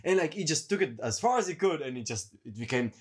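A man's voice: on the high side, animated, quick pace, slightly rough. A man chatting casually about a film with his sister, explaining in eager, rambling bursts. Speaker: co-host reacting to a film.

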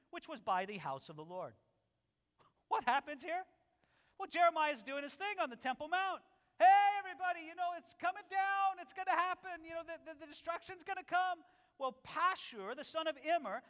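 A male pastor preaching an expository sermon in an animated, conversational way. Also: very high voice, big-room sound. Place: church sanctuary.

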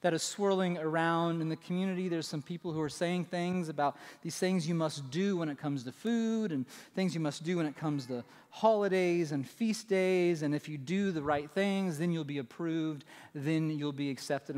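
A man's voice: on the high side, normal speed, few pauses, a little mellow, long reverb tail. A man preaching a sermon as pastor, talking conversationally to his church and often checking in with "right?". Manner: conversational, asks "right?" often, restarts phrases. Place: church sanctuary.

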